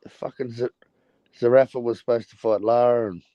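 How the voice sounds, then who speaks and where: A man's voice: medium pitch, fairly even intonation, brisk, no room sound, dull audio. Blunt, foul-mouthed Australian man. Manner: blunt, heavy swearing. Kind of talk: casual chat.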